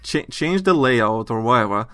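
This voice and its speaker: A man chatting on a gaming podcast, recorded close and dry. He talks in animated bursts and rants, stumbling into restarts as he goes. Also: medium pitch, normal speed, dry recording. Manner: animated, ranting, trails off into restarts. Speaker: podcast host. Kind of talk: casual chat.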